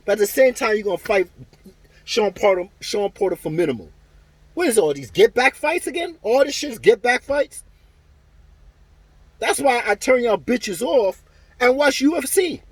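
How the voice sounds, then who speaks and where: Ranting to camera about boxing, this male vlogger is heated and foul-mouthed, going over the same points as he vents his anger. His voice sits high with a sing-song quality and slight roughness, at normal speed, recorded dry.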